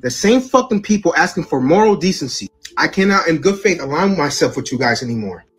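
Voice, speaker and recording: A man's voice: a little high, big pitch swings, brisk, slightly rough, faint music behind. A man delivering a sarcastic, profane rant.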